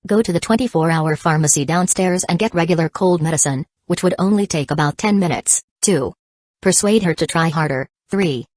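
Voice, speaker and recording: A woman narrates an audiobook in a low voice. Her reading is even and measured. The recording is dry and close, with no room sound. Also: dry recording. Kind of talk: scripted narration.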